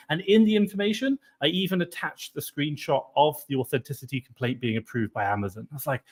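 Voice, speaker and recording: Man, live stream co-host, chatty, upbeat, quick asides, video call. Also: mid-range voice, sing-song. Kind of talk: casual live stream chat.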